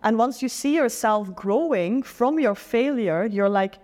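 A woman's voice: fairly high pitch, a little slow, hardly any pauses, darkish tone, in a large hall. A young adult woman from the Netherlands with a Dutch accent, a guest in a casual interview chat who talks earnestly and reflectively, often saying "like".

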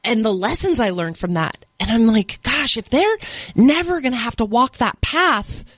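A woman's voice: fairly high pitch, animated, normal speed, fairly bright tone, dry recording. A woman speaking as a podcast guest, earnestly retelling moments with her children as a single mother. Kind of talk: personal storytelling in a podcast interview.

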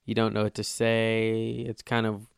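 A young podcast host's low, gravelly voice stays monotone yet clean at a measured pace as he rambles through a casual solo monologue, swearing and poking fun at himself. The recording is studio quality with no room sound.

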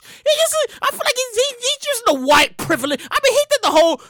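A woman's voice: very high voice, sing-song, fast talker, hardly any pauses, fairly bright tone, no room sound. A woman hosting a show, ranting indignantly in casual commentary, swearing and repeating herself. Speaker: show host.

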